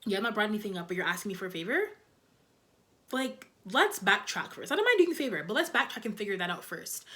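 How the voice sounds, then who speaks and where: Talking fast and very animated, this young TV show reviewer has a medium-pitched, fairly bright voice. She discusses episodes casually and loosely, leaning heavily on fillers such as "like" and "you know."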